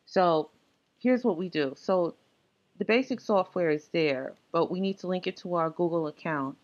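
A woman presenting a screencast software tutorial, explaining setup steps casually with frequent ums and uhs. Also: on the low side, moderate pace, lo-fi sound.

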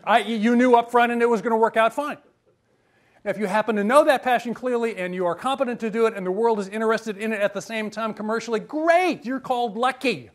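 A man's voice: very high voice, quick pace. A man giving a humorous university lecture, joking and quizzing his audience. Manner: lively and joking, asks the audience questions.

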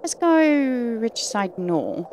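A woman hosting a gaming channel, giving excitable let's-play commentary with gasps and gushing. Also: on the high side, takes it slowly, a little hiss or hum.

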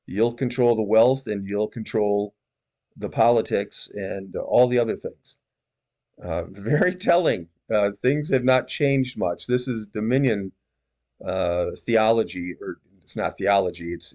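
A man giving measured, disapproving commentary on religious video clips. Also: on the low side, darkish tone.

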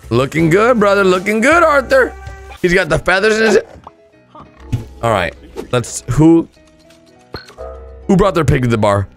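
Excitable young man commentating gameplay. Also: fairly high pitch, soft background music. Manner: excitable, quick outbursts and shouts. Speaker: gaming commentator.

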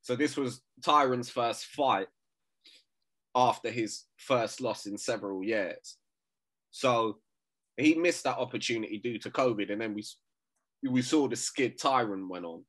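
A man co-hosts a casual sports podcast, brash and joking, swearing freely, laughing often and saying "bruv" a lot. His voice is medium-pitched and a bit bright, and he speaks unhurriedly.

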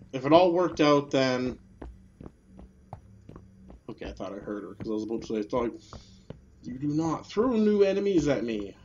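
A man's voice: on the high side, lo-fi sound, slight background noise. Frustrated swearing man playing a game. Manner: swings from mutters and whispers to angry shouting, swears a lot. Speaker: gaming video host. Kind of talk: let's play commentary.

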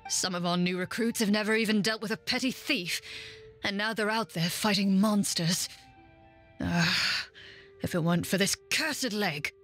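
A woman with a French accent voicing a stern, wounded male guard captain in a game, talking in gruff, suspicious, clipped demands. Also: mid-range voice, moderate pace, fairly bright tone, soft background music, close to an everyday voice. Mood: weary.

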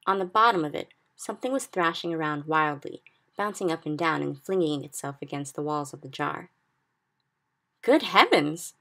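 A woman reads a children's chapter book aloud at an even pace. Her voice is low with a gravelly edge, and her narration stays steady. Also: a little fast. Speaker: reader. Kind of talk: storybook read-aloud.

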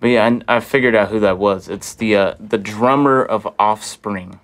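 Man, podcast chat, low-pitched, joking, offhand. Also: moderate pace, fairly bright tone. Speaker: podcast co-host. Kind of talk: casual chat.

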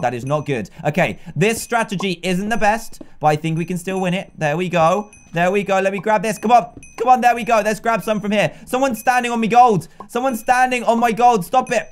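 A young British man giving excitable, chatty gameplay commentary as a YouTuber. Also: sits high. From Britain. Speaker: gaming YouTuber.

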